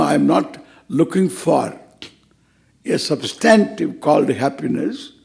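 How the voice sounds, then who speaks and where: A man's voice: on the high side, vocal fry, darkish tone. An older man teaching a scripture class in a playful, teasing way, acting out little dialogues. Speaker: spiritual teacher.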